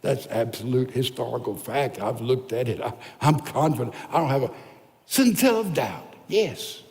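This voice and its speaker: An older man preaching a sermon as pastor. His delivery is emphatic and at times drops to soft, hushed lines. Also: medium pitch, expressive, normal speed. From United States. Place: large church sanctuary. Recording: reverberant large church hall.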